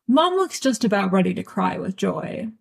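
A woman's voice: mid-range voice, sing-song, normal speed, creaky, slightly rough. A woman reading a fan audiobook aloud with wry, dry storytelling. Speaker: audiobook reader.

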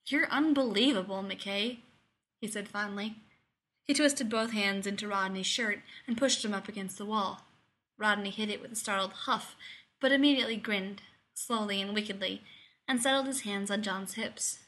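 Woman narrating a story in a bright voice. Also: mid-range voice, moderate pace. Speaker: story reader. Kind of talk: scripted narration.

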